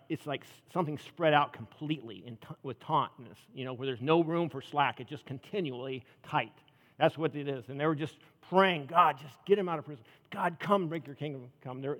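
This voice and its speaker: A man preaching a sermon, retelling a Bible story in an animated way, acting out the characters and laughing along. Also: medium pitch, long reverb tail.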